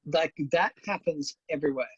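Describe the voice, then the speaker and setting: A woman's voice: low-pitched, moderate pace, breathy edge, no room sound. A woman, co-hosting a casual chat, blunt and swearing freely as she acts out stories. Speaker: podcast co-host. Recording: dull lo-fi sound.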